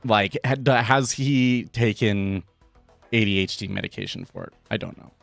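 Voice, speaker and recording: A man's voice: on the low side, normal speed, gravelly, fairly bright tone, no room sound, faint music behind. A man talking casually on a live trading stream, thinking aloud with frequent restarts and tangents.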